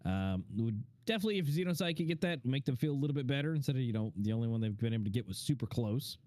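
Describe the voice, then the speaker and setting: A man's voice: mid-range voice, lively intonation, rapid-fire, darkish tone, no echo, clean studio sound. A man doing color commentary on a live esports match, meandering and full of fillers. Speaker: esports co-caster.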